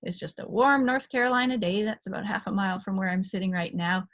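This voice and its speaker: A woman's voice: medium pitch, fast, a bit bright. A woman dog-behavior trainer giving a chatty recorded lecture, talking through slide photos with small laughs.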